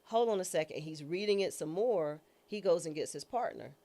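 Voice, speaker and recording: Low-voiced woman telling a frank story. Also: moderate pace, dark tone. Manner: candid, slangy, self-mocking, dramatic. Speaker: interview guest, judge and former public defender. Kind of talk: casual storytelling interview.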